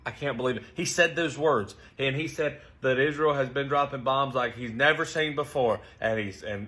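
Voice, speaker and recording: A man's voice: mid-range voice, normal speed, fairly bright tone. Guy ranting, fed up and indignant, talking straight to camera. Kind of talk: casual rant to camera.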